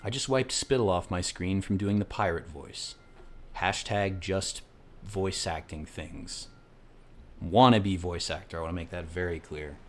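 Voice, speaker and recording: A man hosting a let's play, rambling through casual, profane gameplay commentary with excitable outbursts. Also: sits low, unhurried, a little hiss or hum.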